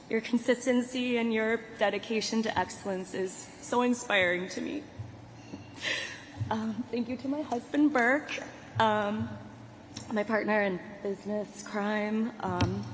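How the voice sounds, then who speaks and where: A woman chef giving an emotional acceptance speech, tearful and halting, with nervous laughs. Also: medium pitch. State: tearful, choked up. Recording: echoey hall with loud background noise.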